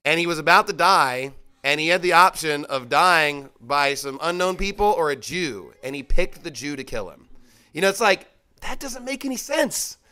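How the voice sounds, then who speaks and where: A man's voice: on the high side, animated, moderate pace, bright, forceful tone. A man teaching the Bible in a casual, conversational way, full of rhetorical questions and emphatic repetition. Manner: emphatic, repeats his points.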